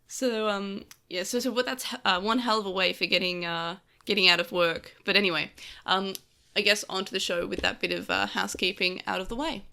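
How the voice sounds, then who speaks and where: Her voice is mid-range, sharp and clean as she co-hosts a laid-back podcast. Still on painkillers after a car crash, she wanders through her stories, packing them with filler words.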